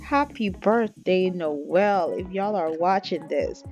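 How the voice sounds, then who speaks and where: A woman's voice: fairly low pitch, takes it slowly, darkish tone, muffled recording, soft background music. A woman narrating a life-sim game in a casual, chatty way, laughing often and talking straight to her viewers. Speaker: gameplay vlogger.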